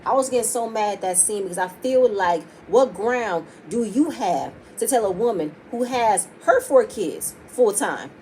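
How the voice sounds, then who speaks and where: A woman's voice: a little high, mellow, a little hiss or hum, low-quality recording. A woman giving a casual recap of a reality TV episode, heated and profane as she talks straight to her viewers. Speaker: reality show reviewer.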